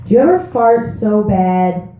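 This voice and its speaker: At an open mic on a small comedy club stage, a woman in her thirties gives a profane, brash stand-up performance in a mellow, medium-pitched voice. She is animated but keeps a measured pace. The echoey room is captured on a tinny, phone-like recording with slight background noise.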